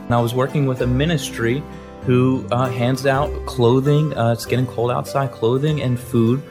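A man, a guest, telling a faith testimony in an animated, storytelling way, repeating words and acting out the people he quotes. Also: mid-range voice, moderate pace, music in the background.

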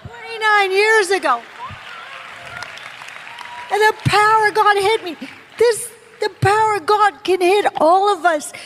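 A woman in her forties preaching and telling her testimony in a lively, animated way, often laughing. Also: extremely high pitch, normal speed, some chatter behind, a little hiss or hum. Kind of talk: sermon testimony. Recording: long hall reverb.

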